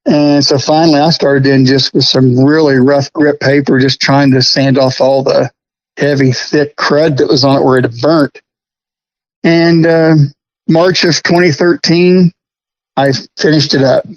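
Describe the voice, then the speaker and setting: Casting: middle-aged man, folksy storyteller, slightly raised pitch, dull recording. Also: level tone, measured pace, no room sound. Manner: chatty, folksy, laughs often. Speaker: guest prop restorer. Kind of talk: casual storytelling interview.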